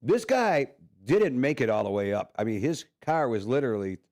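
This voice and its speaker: An easygoing Midwestern man co-hosting morning radio from a studio. His mid-pitched voice swings lively up and down as he tells laughing anecdotes. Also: moderate pace. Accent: Midwestern American. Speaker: radio morning show co-host. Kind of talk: casual morning radio chat.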